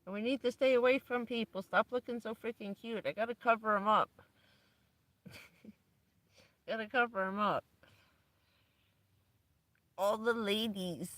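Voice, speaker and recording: A woman's voice: a little high, unhurried, pauses often, a bit bright, no room sound. A woman hosting a livestream, telling stories in a chatty way and laughing often. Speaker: livestream host. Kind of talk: casual chat to a live audience.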